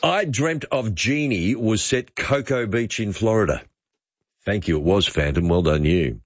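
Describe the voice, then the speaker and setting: Deep-voiced radio host. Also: male voice, expressive, a little slow, no echo, dull audio. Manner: friendly, enthusiastic banter. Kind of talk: radio talk show hosting. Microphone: studio microphone.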